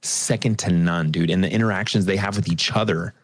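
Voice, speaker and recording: A man with a very deep voice chats with friends on a podcast. He talks in an easy, laid-back way about things that happened to him. The sound is close and dry. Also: brisk, no echo. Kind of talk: casual chat.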